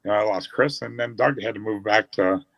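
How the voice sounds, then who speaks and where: A man's voice: lowish voice, brisk, gravelly, fairly bright tone, muffled recording. A man, a former speedway owner, telling old racetrack stories in a casual chat, rambling with restarts.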